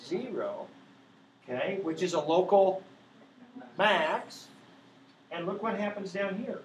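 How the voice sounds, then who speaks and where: Slow and high-voiced, a man lectures a math class, working patiently through each step and repeatedly checking in with his students by saying "right?" His voice echoes around the classroom over faint background noise.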